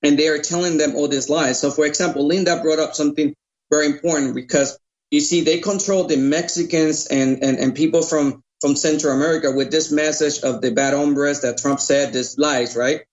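A man's voice: fairly high pitch, steady tone, brisk, darkish tone. A man from Puerto Rico, a radio broadcaster, explaining his view persuasively as an interview guest. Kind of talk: casual interview talk. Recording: muffled lo-fi audio.

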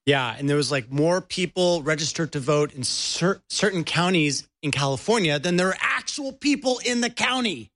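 A man's voice: a little high, lively intonation, normal speed, hardly any pauses, a bit bright. Sarcastic male radio co-host. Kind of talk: political talk radio chat.

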